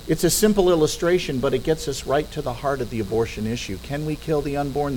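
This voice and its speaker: A man's voice: fairly high pitch, fast, hardly any pauses, a little mellow, a little hiss or hum, low-quality recording. Middle-aged man, persuasive speaker. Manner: rhetorical questions with dry humorous asides. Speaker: guest speaker. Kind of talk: persuasive public talk. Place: church hall at a podium.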